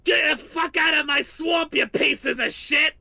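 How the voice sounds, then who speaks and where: A man's voice: very high voice, fairly even intonation, a little slow, vocal fry, dry recording, pitched above the performer's own voice, full character voice. A man voicing a furious, foul-mouthed male swamp chimera monster in a tabletop game. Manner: shouting, foul-mouthed, hostile.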